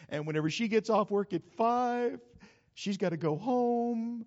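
A man preaches a sermon to his congregation, emphatic and calling out to them as he goes. His voice sits high and leaps around with animated pitch. The sound is dull and lo-fi, ringing through a long church-hall reverb. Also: measured pace. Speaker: pastor. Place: church sanctuary.

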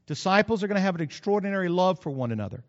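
Animated preacher in a reverberant hall. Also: male voice, high-pitched, very fast. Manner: animated, acts out quotes with sudden loud bursts. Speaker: pastor. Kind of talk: sermon. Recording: muffled recording in a reverberant hall.

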